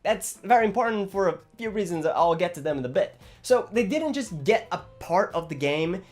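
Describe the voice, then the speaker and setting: A young man from Brazil, chatting casually about a video game in an animated, rambling, jokey way. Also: sits high, moderate pace, soft background music. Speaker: gaming vlogger.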